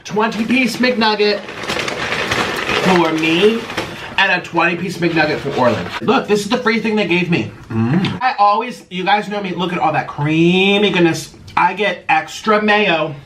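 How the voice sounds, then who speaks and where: Animated, high-voiced man chatting while eating. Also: moderate pace, background noise. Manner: chatty, talks while eating, moans and hums over food. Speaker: mukbang video creator. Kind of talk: casual eating video talk.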